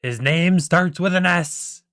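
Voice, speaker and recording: A man voicing a greedy, blustery older male crab boss, announcing loudly in a vague put-on European accent. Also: sits high, takes it slowly, smooth, no echo, clean studio sound, voice pushed up. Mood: grand announcing.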